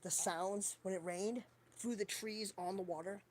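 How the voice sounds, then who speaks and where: A woman's voice: mid-range voice, fairly even intonation, unhurried, a little hiss or hum. A woman chatting casually on a home live stream, rambling and wandering between thoughts while she searches around for things. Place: at home, indoors.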